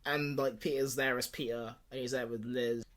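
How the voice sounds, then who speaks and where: A man's voice: medium pitch, level tone, fairly bright tone. Man co-hosting a film podcast. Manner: acts out characters' lines in quick put-on voices, laughs often. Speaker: podcast co-host. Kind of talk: casual chat, pitching a movie plot.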